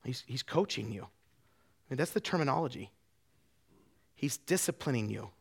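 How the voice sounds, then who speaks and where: A man preaching a sermon, telling a story in a loose, conversational way with many restarts, dropping his voice low for quoted lines. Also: lively intonation, normal speed, creaky, husky. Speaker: pastor.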